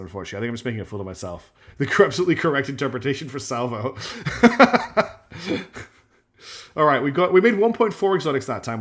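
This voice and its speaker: A man streaming a strategy game, chatty and self-deprecating, thinking aloud as he plays. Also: medium pitch. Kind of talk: live gameplay commentary.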